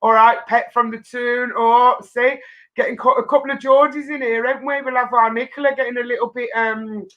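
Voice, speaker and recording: A woman's voice: a little high, fairly even intonation, brisk, highs cut off. Giggly woman hosting a chat show. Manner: giggly, teasing banter. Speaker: host. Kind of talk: casual chat reading viewer comments on a live show.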